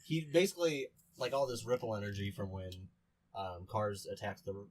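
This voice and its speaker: A young man on a podcast, talking in an easy, offhand way. His voice sits a little low. He chats casually and sums things up in plain terms. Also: steady tone, normal speed. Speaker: podcast co-host. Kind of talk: casual chat.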